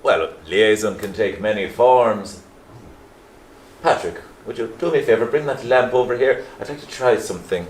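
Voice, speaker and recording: Actor as a nosy Liverpool priest, measured and pompous, lowish voice, on a roomy stage. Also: male voice, far from the mic, a little hiss or hum, lightly acted. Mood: probing. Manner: measured, probing, slightly pompous. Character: prying middle-aged Catholic parish priest. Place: theatre stage. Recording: roomy stage sound, faint ambience.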